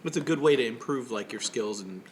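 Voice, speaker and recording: A man co-hosts a casual podcast, rambling and joking, full of fillers and restarts. His voice sits at an ordinary pitch but moves around a lot. A faint hiss sits under the recording. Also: animated, fairly quick. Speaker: podcast co-host. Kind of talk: casual chat.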